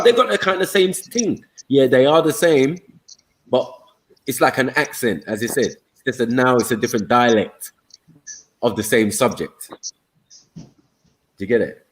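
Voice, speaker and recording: A man's voice: medium pitch, poor audio. Stream host, man, easygoing explainer, mid-range voice. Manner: laid-back, asks "do you get it?". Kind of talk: casual group chat.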